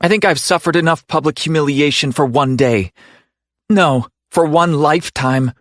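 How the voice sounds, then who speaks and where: For an audiobook, a man voices a feisty, sassy young woman, snapping indignant, exasperated retorts in a lightly acted performance pitched above his own voice. His delivery is a little high, a bit bright and at normal speed, with clean studio sound and no echo.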